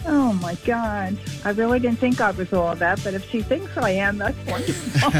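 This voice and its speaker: An older woman overcome with tears keeps exclaiming, her voice climbing and falling widely. She speaks slowly between gasps of emotion. Faint music plays underneath. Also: mid-range voice, animated, poor audio. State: crying, emotional. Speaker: mother surprised on radio.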